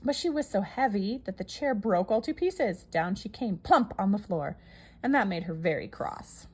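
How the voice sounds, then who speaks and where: Animated woman reading a children's story. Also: mid-range voice, normal speed, slightly rough. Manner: expressive, sing-song storybook reading.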